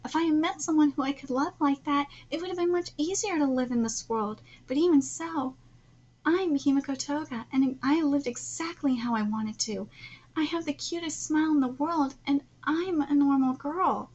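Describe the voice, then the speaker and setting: A young female villain speaks in a soft, confessional tone, as a woman reads her lines aloud. The voice sits high and the reading stays plain and slightly hesitant. The audio is dull and lo-fi. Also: normal speed, close to an everyday voice. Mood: subdued. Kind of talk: reading manga dialogue aloud.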